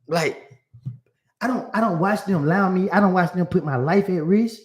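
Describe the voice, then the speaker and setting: A man telling a story to an audience in animated, casual vernacular, often repeating himself. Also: high voice, moderate pace. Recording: roomy echo.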